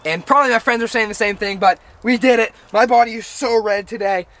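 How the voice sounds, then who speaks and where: A young man in his late teens talking excitedly through an outdoor ice bath for his vlog, breathless from the cold. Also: high voice, fairly quick. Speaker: vlogger. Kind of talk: casual vlog commentary.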